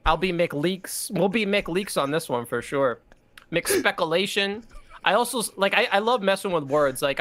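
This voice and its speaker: A man talking in a casual podcast chat as a guest, excitable and playful, often laughing. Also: sits high. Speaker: podcast guest, Halo content creator.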